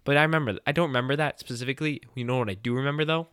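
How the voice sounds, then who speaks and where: A young man co-hosting a casual podcast, telling stories with lots of laughter and acted-out bits. His voice is mid-pitched and moves around a lot. It is recorded close and dry. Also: very fast, smooth, no room sound. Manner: animated storyteller, laughs often, acts out voices. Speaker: podcast co-host. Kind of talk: casual chat.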